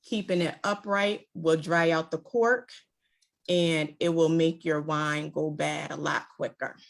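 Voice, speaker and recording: A woman giving a relaxed, chatty wine presentation over a video call. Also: low voice, a little slow, vocal fry. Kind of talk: virtual tasting presentation. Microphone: video call mic.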